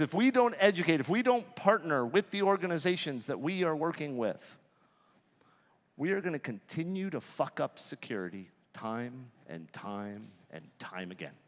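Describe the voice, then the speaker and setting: A man's voice: on the high side, in a large hall. A man giving a live conference talk, joking and swearing as he tells stories. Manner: profane, joking, animated storytelling. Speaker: conference speaker. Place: large conference hall.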